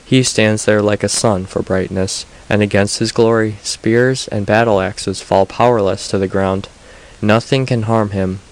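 A man's voice: on the low side, steady tone, a little slow. A man reading a prying disguised old woman. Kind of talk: audiobook reading.

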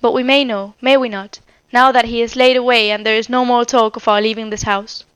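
A woman's voice: a little high, fairly even intonation, a little fast, a bit bright, smooth, dry recording, close to an everyday voice. A woman reading a storybook voices an anxious, frail older lady with a fervent, faltering manner. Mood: excited.

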